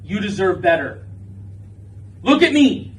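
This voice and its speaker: A man's voice: high-pitched, very animated, slow pace, distant mic, slight background noise, poor audio. A man lecturing a class in an impassioned, preachy way, with frequent swearing. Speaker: teacher.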